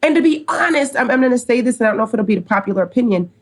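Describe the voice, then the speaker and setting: A woman's voice: on the high side, rapid-fire. A middle-aged American woman, a company co-founder, telling a long story as a podcast guest and acting out the dialogue. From United States. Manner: animated storyteller, acts out quoted dialogue. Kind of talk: storytelling in a casual interview.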